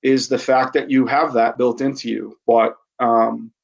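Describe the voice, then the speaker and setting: A man, an army veteran guest on a podcast, speaking candidly and haltingly, often restarting his sentences. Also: mid-range voice, level tone, gravelly, muffled recording. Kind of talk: candid interview conversation.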